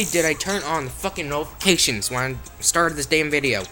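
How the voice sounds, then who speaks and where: A man's voice: fairly high pitch, animated, fairly quick, few pauses, bright, forceful tone, soft background music. A man playing a phone game, swearing constantly as he comments, with sudden frustrated outbursts, recorded on the phone's own mic. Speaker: mobile gamer. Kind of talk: profane let's-play commentary.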